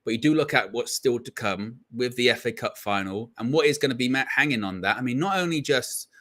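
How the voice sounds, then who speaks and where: Casting: easygoing male fan-show host, mid pitch, bright tone. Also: fairly quick. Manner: relaxed, thinking aloud, hedging. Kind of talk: casual live-stream chat.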